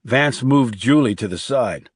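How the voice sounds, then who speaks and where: A man narrating a crime thriller audiobook in a measured, even storytelling manner. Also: medium pitch, husky, no echo, studio quality. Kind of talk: scripted narration.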